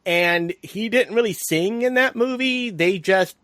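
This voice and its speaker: Higher-voiced man on a dry close mic. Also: a little slow, fairly bright tone, no room sound. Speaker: podcast co-host. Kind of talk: casual film podcast chat.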